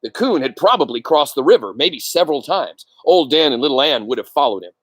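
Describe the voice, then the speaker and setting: Expressive man reading a novel aloud. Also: mid-range voice, a little fast, dry recording. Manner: expressive, stops for asides to listeners. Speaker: reader.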